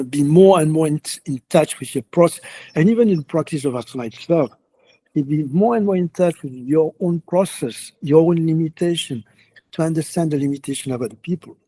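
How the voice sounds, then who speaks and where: Soft-spoken halting yogi with a mellow voice. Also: male voice, on the high side, breathy edge, no echo. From France. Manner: halting, many restarts and fillers, earnest. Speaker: yoga teacher. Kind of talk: reflective interview answers.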